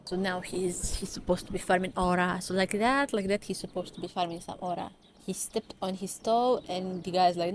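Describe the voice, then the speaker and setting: A woman narrating and reacting to a comic story in a loose, conversational way. She is sarcastic and profane, and she rants about the characters with open exasperation. Her voice sits at an ordinary middle pitch. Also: normal speed, a little mellow, slight background noise. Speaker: webtoon commentator. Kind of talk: casual reaction commentary.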